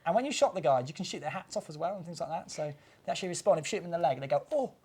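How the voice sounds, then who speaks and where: A man co-hosting a TV gaming show, jokey and excitable as he shows off old consoles. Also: a little high, racing, husky. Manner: excitable and jokey, laughs often. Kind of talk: enthusiastic studio banter.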